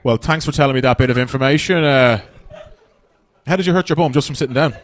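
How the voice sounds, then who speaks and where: A man's voice: mid-range voice, quick pace. An Irish man in his thirties doing a stand-up comedy set on a club stage, chatty and swearing as he tells stories. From Ireland. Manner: chatty, swearing, animated storytelling.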